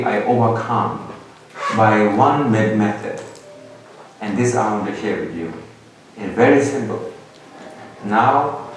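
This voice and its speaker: A middle-aged man giving a public meditation talk in halting English, playful and quick to laugh. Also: lowish voice, a little hiss or hum. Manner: slow, playful, laughs often, halting non-native English. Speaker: meditation teacher. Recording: echoey hall, distant mic, background ambience.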